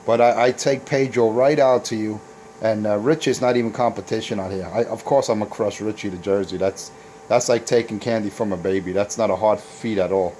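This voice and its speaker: A man's voice: fairly low pitch, steady tone, fairly quick, dark tone, slight background noise. A man hosting a casual CB radio video, boasting and taunting rival operators with trash talk. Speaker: CB radio operator and channel host.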